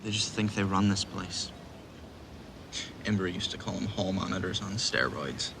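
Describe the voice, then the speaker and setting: A man's voice: deep voice, normal speed, gravelly, a bit bright. An actor playing a blunt, confident young man in a film; he can turn threatening. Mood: easygoing. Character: brash young man, friend turned rival. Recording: film soundtrack with background noise.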